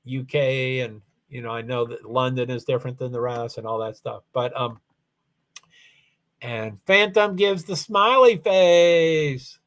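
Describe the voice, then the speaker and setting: A man's voice: medium pitch, measured pace, fairly bright tone. A man from Kentucky with a faint Southern accent, hosting a casual livestream chat and talking in a rambling, hesitant way with lots of restarts. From Louisville, Kentucky, USA. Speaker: livestream host.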